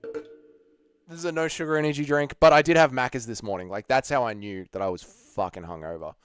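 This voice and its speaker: An Australian man hosting a livestream, hungover and low on energy, chatting casually, swearing, and reading viewer messages. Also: brisk, smooth, dry recording, studio quality. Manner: laid-back, sweary, laughs easily. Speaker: livestream host.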